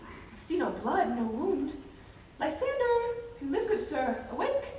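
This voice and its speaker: A woman's voice: high-pitched, very animated, a little slow, a little mellow, a little hiss or hum. A woman playing a lovesick, self-pitying young woman in a live school stage play, with a plaintive, pleading delivery. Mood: forlorn. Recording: echoey hall from far off.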